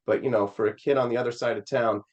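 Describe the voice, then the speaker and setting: A man's voice: mid-range voice, steady tone, fast talker, lo-fi sound. A man from Missouri, a Senate candidate, telling a personal story in an interview in an earnest, rambling way with many fillers. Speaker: Senate candidate, podcast guest.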